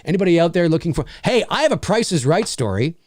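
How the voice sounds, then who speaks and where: A man from Canada, a voice actor hosting a livestream, telling a story in a chatty, animated way with plenty of fillers. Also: on the high side, fast talker, no room sound, clean studio sound.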